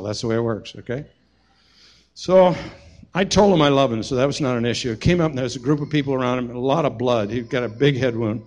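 A middle-aged man preaching a sermon as pastor, telling a personal story and swinging from hushed to shouting. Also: mid-range voice, fast.

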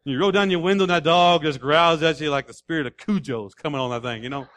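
A man preaching a sermon in a folksy way, building to loud repeated declarations. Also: a little high, quick pace. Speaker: pastor.

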